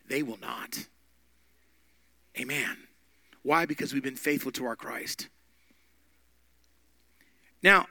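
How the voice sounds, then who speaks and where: A man preaching a sermon with emphatic delivery, swinging between loud and hushed. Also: medium pitch, gravelly, no room sound. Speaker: pastor.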